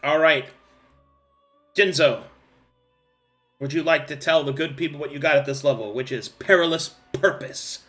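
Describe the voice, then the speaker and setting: Bright-voiced, playful male game master. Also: a little high, moderate pace, long pauses, faint music behind. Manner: playful, hypes up the players. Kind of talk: running a tabletop game.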